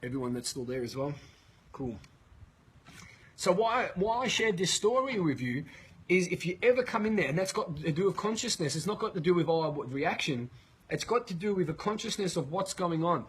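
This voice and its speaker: Australian male coach, raspy and high, energetic webinar storyteller. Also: normal speed, low-quality recording. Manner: energetic, swearing, animated retelling. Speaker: leadership coach.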